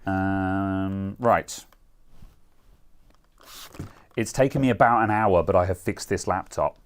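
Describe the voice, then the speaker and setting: Deep-voiced British man chatting tech. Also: measured pace, clear, resonant tone. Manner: chatty, laughs often, trails off. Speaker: co-host. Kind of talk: casual tech chat.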